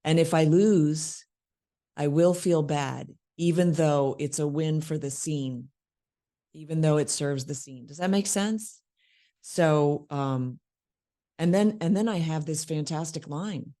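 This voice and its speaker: Low-voiced woman teaching acting. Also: slow, warm tone. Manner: conversational, acts out lines mid-explanation. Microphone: worn microphone.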